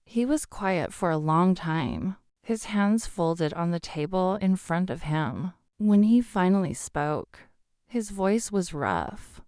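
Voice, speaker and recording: A woman narrating a first-person family story in a measured, scripted storytelling delivery. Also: lowish voice, expressive, darkish tone, no room sound, studio quality.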